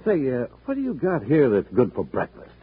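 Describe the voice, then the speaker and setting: An actor playing a cheerful ranch hand in a 1950s radio commercial, with a folksy, hearty delivery. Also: male voice, medium pitch, huge pitch swings, a little fast, husky, exaggerated voice. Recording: tinny 1950s radio broadcast.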